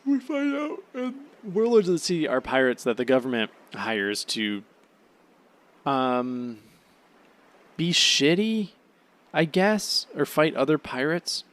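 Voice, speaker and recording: A sleepy, yawning man hosting a podcast, rambling through a casual solo recap with lots of "um"s and swearing, now and then bursting into high, excited gushing. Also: takes it slowly, long pauses. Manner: rambling, offhand, peppered with swearing and "um"s. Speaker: podcast host.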